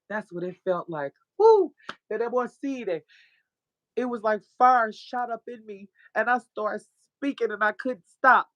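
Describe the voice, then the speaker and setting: A woman, a podcast guest and author, telling an animated, profane story of her faith. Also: medium pitch, dry recording. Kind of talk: casual testimony.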